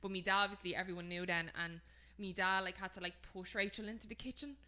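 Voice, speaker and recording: A young Irish woman with a Dublin accent, co-hosting a casual podcast chat and telling lively family stories. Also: medium pitch, fast. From Ireland. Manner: animated storyteller who acts out family voices. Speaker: podcast co-host.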